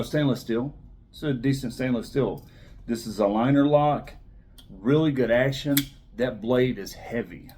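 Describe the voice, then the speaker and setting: A man's voice: medium pitch, breathy edge. Enthusiastic man reviewing pocket knives. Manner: enthusiastic, repeats himself, trails off softly. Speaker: knife reviewer. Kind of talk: casual product review.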